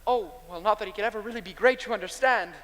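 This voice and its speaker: A man playing a slick, smooth-talking traveling salesman in a stage musical, glib and persuasive. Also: high voice, fast, fairly bright tone. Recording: stage with long hall reverb, faint noise.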